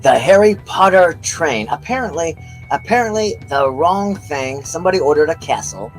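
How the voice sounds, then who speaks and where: A man's voice: fairly high pitch, moderate pace, soft background music, low-quality recording. A man co-hosting a casual livestream, telling a long story full of fillers and asides. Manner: rambling, animated storytelling with lots of fillers. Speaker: co-host.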